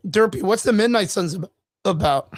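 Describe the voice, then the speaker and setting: A man's voice: high voice, lively intonation, measured pace, dry recording. A man co-hosting a casual streamed chat show, joking loosely and swearing, with lots of "dude" and "bro". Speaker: podcast co-host. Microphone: streaming mic.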